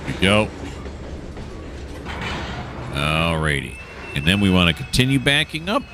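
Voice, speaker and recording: A very animated man with a low voice narrates his train simulator gameplay at a measured pace over a noisy background. His casual commentary rambles, full of jokes and self-mockery.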